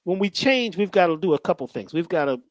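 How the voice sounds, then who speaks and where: A man speaking as a guest in animated storytelling talk that is folksy and joking. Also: high-pitched, fast, no room sound. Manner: lively, joking, preacherly, folksy.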